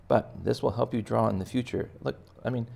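Gravelly-voiced man teaching kids to draw. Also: mid-range voice, steady tone, brisk, darkish tone. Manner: playful, chatty, talks to children directly. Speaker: art teacher. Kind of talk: step-by-step drawing lesson for kids.

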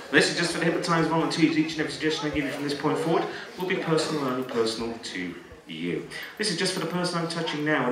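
A stage hypnotist with a mid-range voice performs a live show in a large hall, giving volunteers calm, soothing suggestions, then switching to loud, playful commands. The recording is distant and echoey, picking up audience noise and laughter.

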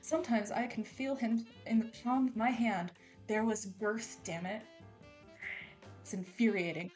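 Woman reading a spicy book out loud, dramatic and jokey, kinda high voice, faint music behind. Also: fairly even intonation, measured pace. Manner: playful, sarcastic asides, laughs at herself. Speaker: audiobook reader.

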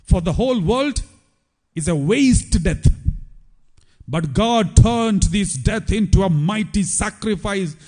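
A priest preaching a sermon, with emphatic repetition. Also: male voice, high voice, animated, slow, darkish tone.

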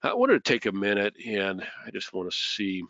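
A man's voice: lowish voice, big pitch swings, moderate pace, a bit bright, no echo. A man hosting a business webinar, talking casually and often restarting his sentences. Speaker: webinar host. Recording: dull lo-fi dry sound.

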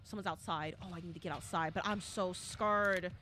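A young woman streaming a horror game live, chatting to viewers and bursting into shouts and squeals. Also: on the low side, steady tone, normal speed, a little hiss or hum. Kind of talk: live gameplay commentary.

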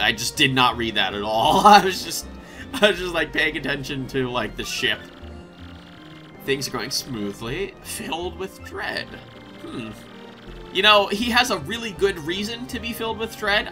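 A man hosting a casual let's play, rambling and excitable, often breaking into laughter. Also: high-pitched, moderate pace, over music. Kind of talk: casual gameplay commentary.

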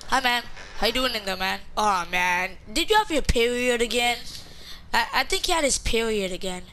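A woman's voice: a little high, expressive, moderate pace, sharp tone, slight background noise. A woman casually commenting on a horror game she is playing, joking and mocking the characters. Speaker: let's play gamer. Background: game music.

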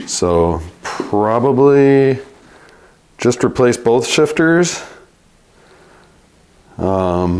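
A man with a Midwestern accent, a bike mechanic narrating his repair work in a relaxed, matter-of-fact way as he goes. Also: deep voice. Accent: Midwestern American. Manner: talks through each repair step aloud, relaxed and matter-of-fact. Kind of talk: casual workshop narration.

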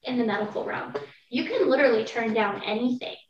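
A woman's voice: fairly high pitch, a little fast. A young woman talking candidly on a podcast, telling a personal story vividly with lots of casual fillers. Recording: roomy, distant, dull-sounding mic.

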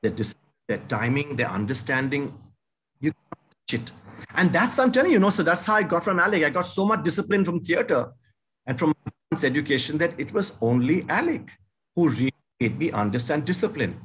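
A man's voice: on the high side, sing-song, brisk, fairly bright tone, slight background noise. A man speaking as a guest on stage, telling stories in an emphatic, effusive way. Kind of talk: casual storytelling on stage.

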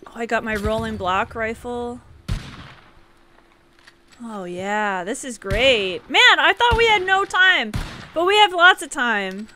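High, bright, giggly woman streaming a game. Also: slow pace, pauses often, slight background noise. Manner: giggly, excitable, frequent laughs and yelps. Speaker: livestream host. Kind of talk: casual gameplay chat.

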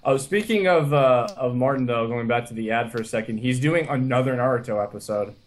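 A man's voice: mid-range voice, a little fast. Young man, casual podcast chat, rambling, stop-start delivery. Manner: rambling, restarting storyteller. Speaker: podcast co-host.

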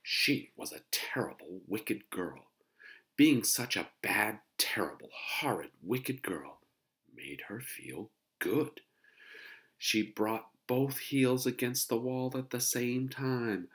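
A man reading a children's book aloud to listeners, expressive and playful with the sound effects. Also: mid-range voice, slow. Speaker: storybook reader.

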